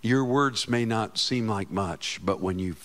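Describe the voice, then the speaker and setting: A man's voice: fairly low pitch, a little slow. Impassioned man preaching a sermon. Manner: impassioned preaching, swings from loud exclamations to quiet asides. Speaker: pastor.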